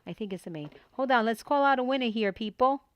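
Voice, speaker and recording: A middle-aged woman hosting a papercraft tutorial, chatting casually and excitedly while she works and talking herself through each step at her desk at home. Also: a little high, fast, smooth, no echo, muffled recording. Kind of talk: casual crafting tutorial chat.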